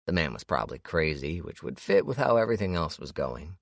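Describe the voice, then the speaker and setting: Deep-voiced male audiobook narrator. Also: big pitch swings, fairly quick, gravelly, no echo, studio quality. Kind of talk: scripted narration.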